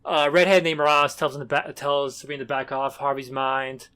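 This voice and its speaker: A man's voice: medium pitch, steady tone, moderate pace, sharp tone, smooth. A man co-hosting a podcast in casual chat, rambling and stop-start with emphatic bursts. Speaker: podcast co-host.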